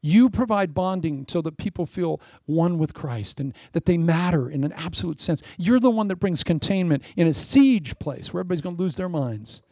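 A middle-aged male pastor preaching with animated, preacherly energy and playful asides. His somewhat high voice carries a gravelly edge. The sound is dry and close, with no room echo. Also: a little fast, hardly any pauses. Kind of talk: sermon.

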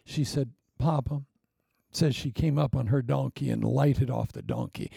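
A man preaching a sermon in an animated way, sometimes dropping to a whisper for emphasis. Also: mid-range voice, normal speed, gravelly, slightly rough, dry recording, clean studio sound. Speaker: pastor.

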